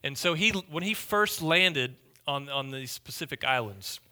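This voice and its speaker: Pastor guy preaching, very bright sharp voice, kinda high, repeats lines for punch. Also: lively intonation, a little slow, clear, resonant tone. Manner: emphatic, repetitive, swings between loud and hushed. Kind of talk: sermon.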